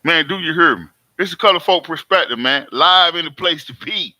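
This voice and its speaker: A man's voice: a little high, brisk, sharp tone, no echo. A man hosting his own live stream, talking emphatically and repetitively in casual street talk to his viewers from home. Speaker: host.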